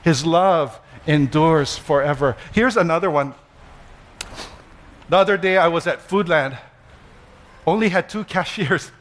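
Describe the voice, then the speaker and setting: A man pastor, preaching a sermon with animated storytelling, self-deprecating humor and slow emphatic repetition. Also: on the high side.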